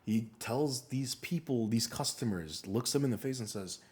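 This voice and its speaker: A young man co-hosting a casual podcast, telling animated stories, swearing often and acting out what people said. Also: mid-range voice, normal speed. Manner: animated storyteller, swears a lot, acts out quotes. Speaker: podcast co-host. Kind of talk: casual storytelling chat.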